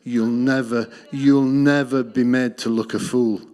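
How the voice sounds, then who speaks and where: A middle-aged man with an Australian accent shares his testimony from a church platform. His voice sits at an ordinary pitch, and he tells his story earnestly, letting it sink low and quiet on the lines that matter most. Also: little pitch movement, a little slow. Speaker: missions speaker.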